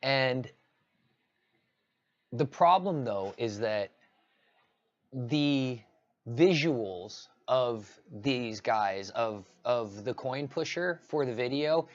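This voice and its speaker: A man's voice: mid-range voice, lively intonation, slow, creaky, muffled recording. A man ranting casually on a livestream, rambling with many restarts. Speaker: live streamer.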